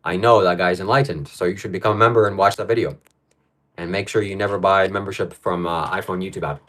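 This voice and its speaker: A man's voice: sits low, steady tone, quick pace, fairly bright tone. A man hosting a live stream from home, reading out viewer comments and ranting about them in frustration. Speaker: livestream host. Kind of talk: livestream talk.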